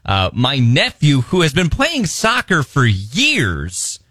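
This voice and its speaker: A man's voice: mid-range voice, slow pace, no room sound. A man co-hosting a morning radio show, telling a story and acting out what people said. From Missouri. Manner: animated storytelling, acts out quotes. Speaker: radio co-host. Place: radio studio. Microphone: studio microphone.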